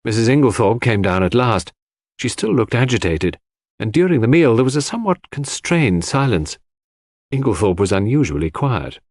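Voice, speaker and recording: A man reading a classic mystery aloud in measured, expressive narration. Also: mid-range voice, no echo, studio quality. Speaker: audiobook narrator.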